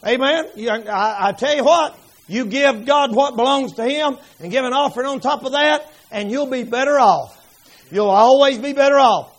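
A man pastor telling stories in a revival sermon, folksy and fervent, breaking into shouts. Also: extremely high pitch, moderate pace. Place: church sanctuary.

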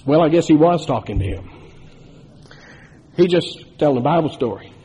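A man's voice: on the high side, animated, normal speed, mellow, husky. A man preaching a sermon, telling a story and building to emphatic, rising climaxes. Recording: long hall reverb.

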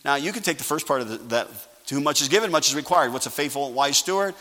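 A male pastor preaching a sermon, calling for amens and swinging from quiet asides to loud emphasis. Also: fairly high pitch, lively intonation, fast. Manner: preaching with call-and-response. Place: church sanctuary. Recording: live church sanctuary with long reverb.

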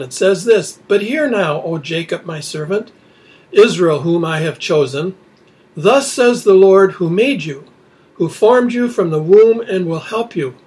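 A man preaching an expository sermon, reading scripture aloud and explaining it with rhetorical questions. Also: high-pitched. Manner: rhetorical questions, dropping to quiet emphasis.

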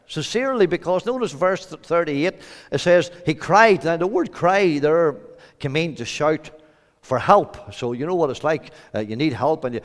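Northern Irish male preacher, high voice, soft-to-shouting delivery, church hall echo. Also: sing-song, unhurried. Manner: swings between quiet low lines and loud shouted emphasis. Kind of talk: evangelistic sermon. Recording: hall reverb.

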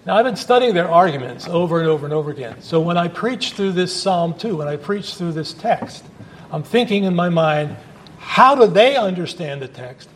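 A man's voice: sits high, expressive, moderate pace, slight background noise. A male pastor preaching a sermon at a church service in a conversational, emphatic way, with asides to the congregation.

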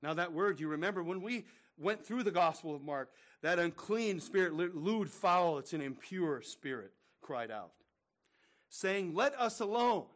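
A male pastor preaching a sermon, emphatic and repetitive, swinging between loud declarations and hushed asides. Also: a little high, animated, normal speed, few pauses.

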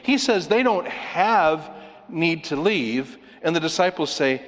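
A man's voice: fairly high pitch, animated, slow pace, a bit bright. Emphatic male pastor in a reverberant hall. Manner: emphatic, asks the congregation questions. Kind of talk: expository sermon.

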